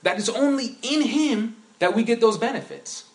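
A man preaching a sermon in a conversational way, building into animated storytelling. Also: extremely high pitch, normal speed. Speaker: pastor.

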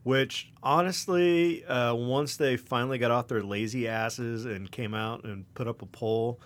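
A man's voice: medium pitch, fairly even intonation, measured pace. A man from Kansas co-hosting a podcast, an easygoing storyteller who leans on lots of fillers. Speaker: podcast co-host. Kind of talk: casual podcast chat.

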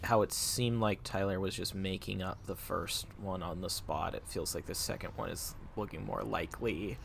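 A man with a low, gravelly voice co-hosts a casual podcast, rambling and joking as he argues his point. A faint hiss sits under the recording. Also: fairly even intonation, moderate pace. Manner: thinks aloud, rambling, joking. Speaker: co-host.

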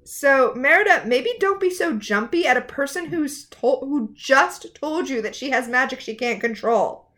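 A woman's voice: high-pitched, moderate pace. A woman co-hosting a podcast, recapping a TV episode in casual, sarcastic chat. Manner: sarcastic, animated retelling. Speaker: podcast co-host.

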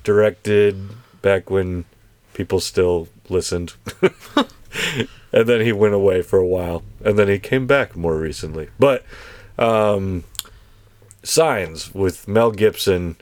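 A man's voice: deep voice, slow pace, long pauses, darkish tone, no room sound. A man in casual chat, wry and joking, who often laughs between remarks.

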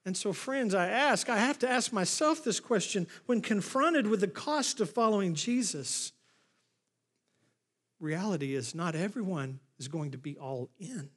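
A man's voice: high voice, unhurried. A man preaching a sermon as pastor, retelling a Bible story and acting out the lines of the people in it. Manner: animated storytelling, acts out the scripture scenes. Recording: long hall reverb.

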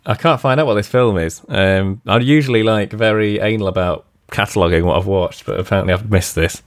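A man with a very low voice co-hosting a podcast. He talks in a relaxed, chatty way and laughs easily between points. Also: brisk. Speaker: podcast co-host. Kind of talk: casual podcast chat.

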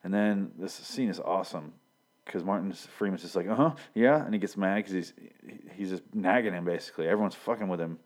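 Deep-voiced man rambling through a TV recap. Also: steady tone, fairly quick. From Michigan. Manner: rambling, profane, many fillers, quoting scenes. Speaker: TV episode reviewer. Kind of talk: casual recap and commentary.

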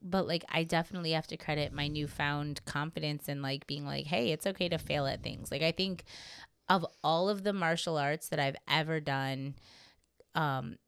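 A woman's voice: low-pitched, fairly even intonation, moderate pace, fairly bright tone, clean tone. A young woman co-hosting a podcast, chatting casually in a rambling way, swearing freely and laughing often. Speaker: podcast co-host. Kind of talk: casual chat.

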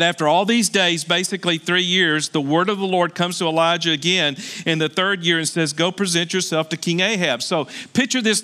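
High, bright-voiced pastor preaching animatedly. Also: male voice. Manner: animated storytelling with exclamations and asides. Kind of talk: sermon. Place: indoors.

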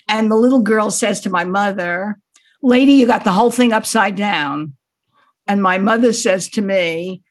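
An older woman author telling wry anecdotes in an interview, laughing often as she talks. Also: mid-range voice. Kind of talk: reflective interview storytelling.

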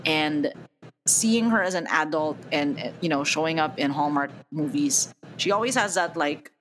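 A woman's voice: low voice, measured pace, fairly bright tone, low-quality recording. Chatty opinionated woman reviewing movies. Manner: chatty, opinionated, laughs often. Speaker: podcast co-host. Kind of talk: casual movie review chat.

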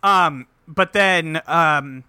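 A man casually recapping an episode with a co-host, swearing freely and acting out the characters in quick quotes. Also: a little high, pushed and bright, a little hiss or hum. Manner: loose, profane, acts out characters in quick quotes. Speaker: podcast co-host recapping an anime. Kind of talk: casual chat.

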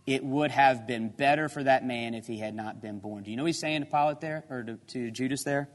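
A man preaching a sermon, emphatic and animated, firing off rhetorical questions. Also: medium pitch, brisk. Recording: long hall reverb.

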